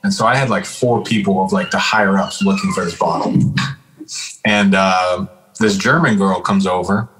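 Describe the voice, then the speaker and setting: Man, low-pitched, casual podcast co-host, rambling storyteller, laid-back slangy chat. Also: wildly swooping pitch, normal speed, fairly bright tone, faint music behind, rough recording. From Calgary, Canada. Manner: rambling storyteller, lots of "like" and "dude".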